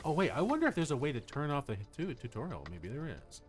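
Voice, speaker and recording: A man who is a voice actor chatting casually while streaming a game, telling animated stories and muttering along as he plays. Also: on the high side, fast, faint music behind. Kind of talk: casual gameplay livestream chat.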